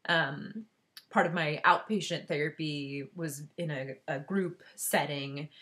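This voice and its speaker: A woman speaks straight to her viewers in a heartfelt, unscripted vlog. She talks candidly, stopping and restarting her sentences, and her voice sits somewhat low for a woman. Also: a bit bright. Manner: candid, halting, with many restarts and fillers; earnest and heartfelt. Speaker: vlogger giving a personal update. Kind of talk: emotional personal vlog.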